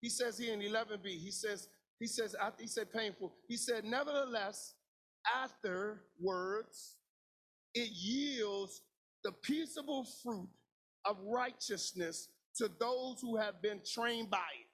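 A man preaching a sermon as pastor, in a shouted, sing-song cadence with lots of repetition. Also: sits high, a little slow, slightly rough.

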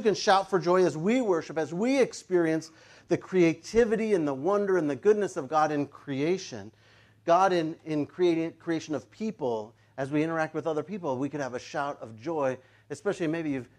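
Pastor, male, higher voice, lively humorous sermon delivery with playful shouts. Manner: animated, jokey, bursts into playful shouts.

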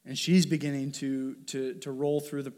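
A man's voice: mid-range voice, level tone, moderate pace, darkish tone. A man preaching a conversational sermon as a pastor, informal and thinking aloud with restarts and asides.

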